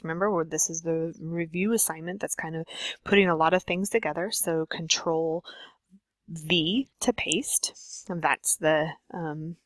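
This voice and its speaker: A woman's voice: low-pitched, a bit bright, dry recording, poor audio. A woman teacher walking students through a computer task step by step, patient and instructive with frequent ums. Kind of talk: screen-share tutorial lesson.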